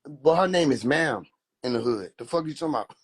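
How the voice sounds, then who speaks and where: A young man hosting a casual livestream, riffing in a rambling, profane, joking way with a husky voice into a phone mic. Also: mid-range voice, animated, fairly quick. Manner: rambling, profane, laughing banter. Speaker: livestream host.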